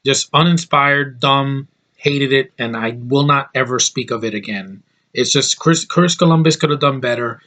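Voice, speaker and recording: A man's voice: a little high, fairly bright tone. A young man giving a blunt, profane movie review, full of restarts and fillers. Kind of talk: casual ranting review.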